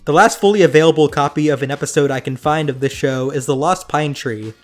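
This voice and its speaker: Host voice for a snarky cartoon review, young man, slightly high, mocking tone. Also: fairly quick, faint music behind. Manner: sarcastic, mocking. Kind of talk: sarcastic cartoon review commentary.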